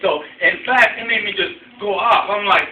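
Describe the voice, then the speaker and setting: A young man tells a story casually, rambling and swearing, his voice bright and a bit higher than most. He sounds distant from the mic in an echoey room. Faint noise sits under his voice from an old phone video. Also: normal speed. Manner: rambling, full of "you know" and "I mean", swears freely. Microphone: phone camera from across the room.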